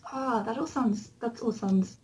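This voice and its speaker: A woman's voice: on the high side, measured pace, darkish tone. A woman playing a tabletop role-playing game, speaking hesitantly and politely with many restarts. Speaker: player.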